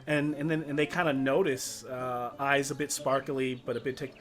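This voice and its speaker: A man at medium pitch running a tabletop game, rambling along with plenty of likes and ums. Faint music plays in the background. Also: little pitch movement, normal speed, a bit bright. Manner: rambling, full of fillers. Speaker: game master.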